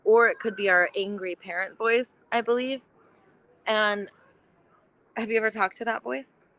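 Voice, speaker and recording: A woman's voice: mid-range voice, fairly even intonation, unhurried, a bit bright, rough recording. A woman talking earnestly in a casual heart-to-heart chat, sharing personal experience and acting out inner voices.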